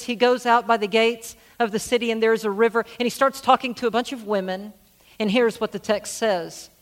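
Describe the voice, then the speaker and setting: A man's voice: extremely high pitch, fairly bright tone. A middle-aged male pastor preaching a sermon, telling stories earnestly and repeating phrases for emphasis. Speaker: senior pastor.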